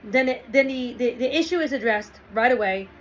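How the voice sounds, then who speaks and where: A woman's voice: on the high side, expressive, moderate pace, slight background noise, low-quality recording. A woman talking through relationship advice in a casual monologue, often checking in with "right?" and "okay".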